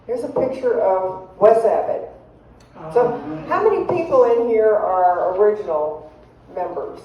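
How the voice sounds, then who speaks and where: Before a live church hall audience, a woman guest comedian spins self-deprecating, chatty tales and cracks herself up. She speaks at a measured pace with lively intonation in a mid-range voice, and the audio is dull, echoey and faintly noisy from a distant mic.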